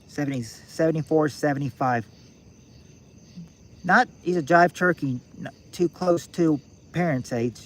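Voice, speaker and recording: Around sixty, a man hosts a game-night stream, rambling casually and thinking aloud with many restarts. He speaks unhurriedly in a fairly high voice.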